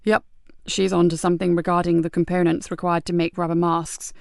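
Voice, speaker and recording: A woman voicing a weary, steady male police sergeant who talks low and measured. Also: vocal fry, dry recording, studio quality. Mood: calm.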